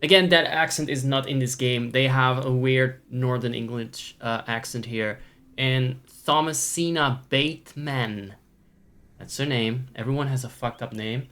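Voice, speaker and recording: A man's voice: mid-range voice, a little slow, a bit bright. A man streaming a puzzle adventure game, chatting casually with viewers, joking around and playing with words. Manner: playful and goofy, riffs on words and puts on silly voices. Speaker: let's play streamer. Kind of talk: casual gameplay commentary.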